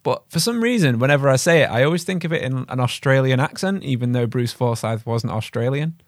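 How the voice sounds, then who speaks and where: A man's voice: mid-range voice, lively intonation, a little fast, dry recording, clean studio sound. A man co-hosting a podcast in casual chat, rambling and riffing on jokes, with the odd swear. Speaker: podcast co-host.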